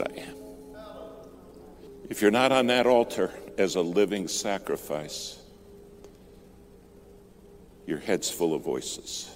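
A man with a very low voice tells a sermon story, building to loud, emphatic peaks and falling back to hushed, near-whispered lines. Music plays clearly beneath him throughout. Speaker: preacher. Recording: music bed under the voice.

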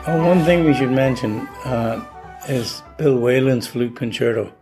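A man's voice: mid-range voice, unhurried, over music. An older man, a flute player interviewed as a guest, telling stories in an easygoing way with chuckles. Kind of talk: relaxed anecdotal chat.

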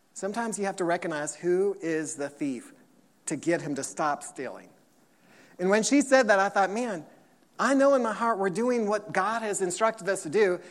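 Fiery preacher man in an echoing hall. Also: sits high. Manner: fiery, preaching loudly with call-and-response. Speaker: pastor. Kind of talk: sermon. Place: church sanctuary. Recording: long reverb of a large hall.

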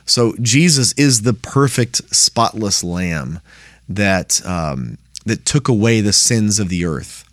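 A man's voice: lowish voice, lively intonation, slow pace, fairly bright tone, no room sound, clean studio sound. A man teaching a Bible study in a plain, conversational way, often checking in with "right?".

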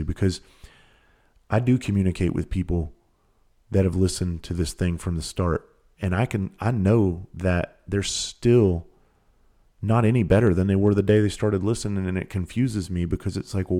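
A man's voice: on the low side, warm tone. A middle-aged man with a Southern country accent, a podcast host giving a blunt, profane motivational monologue full of rhetorical questions.

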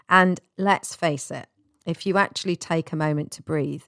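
A woman hosting a self-help podcast, talking gently and casually and laughing at herself now and then. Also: low-pitched, gravelly, dry recording, studio quality. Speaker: podcast host.

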